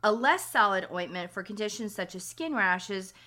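A woman hosting a podcast with a scratchy, slightly hoarse voice, explaining remedies step by step in a practical, instructional way. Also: medium pitch, animated, moderate pace, pushed and bright. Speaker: podcast host.

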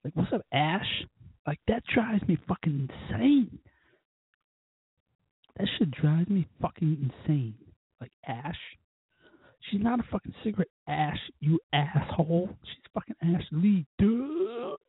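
A man's voice: a little high, animated, a little slow, no echo. A drunk man hosting a podcast, rambling profanely through stories with quoted asides. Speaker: podcast host. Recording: tinny phone-like line, husky voice.

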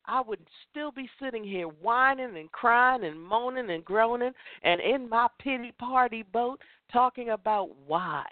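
A woman's voice: on the high side, animated, unhurried, few pauses, no echo. A woman hosting a women's chat show, giving an impassioned motivational talk and repeating phrases for emphasis. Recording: tinny phone line, dry.

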